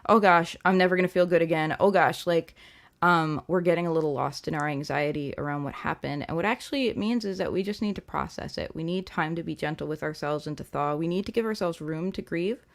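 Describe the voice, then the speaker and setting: A young woman hosting a live-stream tarot reading, talking gently and chattily with many fillers. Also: deep voice, a little fast, creaky. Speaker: tarot reader and livestream host.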